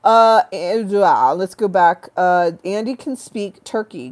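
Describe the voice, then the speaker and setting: A woman from the United States hosting a casual livestream, hoarse after a flu, rambling and joking, swearing freely and drifting into tangents. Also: mid-range voice, animated, slow pace, hardly any pauses, a little mellow. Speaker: livestream host.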